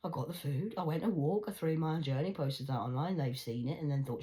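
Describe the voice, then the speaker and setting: A woman's voice: low voice, brisk, warm tone. A woman vlogging a rambling, profane monologue full of rhetorical questions to her viewers.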